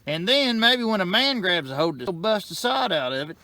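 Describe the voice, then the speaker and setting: A middle-aged man with a drawl holds forth outdoors in a folksy, cussing rant on a farm vlog. His voice sits fairly high, and the outdoor recording carries steady background noise. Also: normal speed, few pauses. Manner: folksy, cussing, fired-up ranting. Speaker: farm vlogger.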